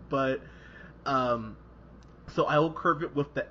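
Man, podcast reviewer, bright edgy tone, rambly and profane, lo-fi audio with faint room hiss. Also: mid-range voice, takes it slowly. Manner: rambling, laughing, quoting in animated voices. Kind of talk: casual profane podcast chat.

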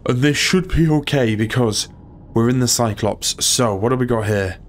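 A man's voice: medium pitch, normal speed, a little hiss or hum. A man hosting a gaming channel, giving jittery let's-play commentary full of swearing and muttered self-talk. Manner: jittery, swears a lot, talks to himself.

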